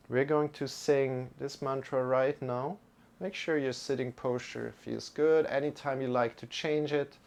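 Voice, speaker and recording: Male yoga teacher, gravelly voice, calm, gentle cues for a live-streamed class. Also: mid-range voice. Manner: calm, gentle guiding instructions; greets chat viewers by name.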